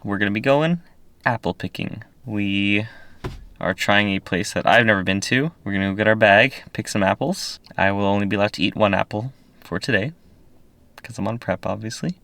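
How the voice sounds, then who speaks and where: A man talking casually to the camera as a fitness vlogger, explaining in a relaxed way with lots of fillers, outdoors at a farm orchard. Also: on the low side, normal speed, dry recording. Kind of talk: casual vlog talk to camera.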